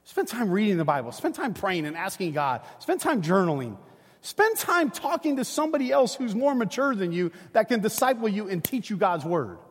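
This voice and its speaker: A middle-aged man preaching a sermon, telling a family story in a lively, conversational way. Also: sits high, normal speed, husky. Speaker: pastor. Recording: long hall reverb.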